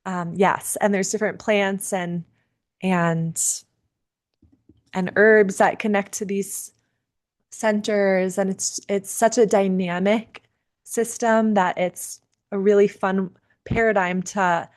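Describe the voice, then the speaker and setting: A woman speaking on a video call at a middle, even pitch. Her delivery is gentle and unhurried as she winds down a spiritual gathering and answers questions. She pauses and restarts now and then with soft fillers. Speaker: seder leader and teacher. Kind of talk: casual talk closing a virtual gathering.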